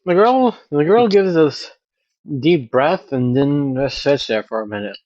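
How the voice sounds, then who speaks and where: A man's voice: on the high side, animated, a little slow, a little mellow, no room sound, muffled recording. Man narrating a tabletop game. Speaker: game master.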